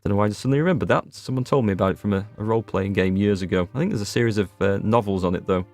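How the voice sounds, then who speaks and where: A man gives a casual let's-play commentary, joking as he goes and talking to his viewers. His voice sits fairly low and has a gravelly edge. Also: very fast, a little mellow, faint music behind. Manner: joking, talks to chat while playing. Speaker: gaming video host.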